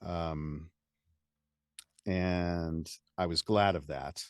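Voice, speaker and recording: A man with an American accent speaks in a fairly low voice, close and dry with no room sound. He tells stories in a chatty, animated way and laughs easily, like a guest on an interview show. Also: extremely slow, clear, resonant tone, dry recording. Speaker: guest, audiobook narrator. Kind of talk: casual interview chat.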